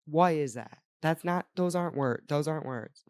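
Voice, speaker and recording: A woman's voice: low-pitched, moderate pace, darkish tone, dry recording, clean studio sound. Chatty, opinionated young woman. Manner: chatty, opinionated, swears freely, laughs often. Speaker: podcast co-host. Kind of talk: casual chat.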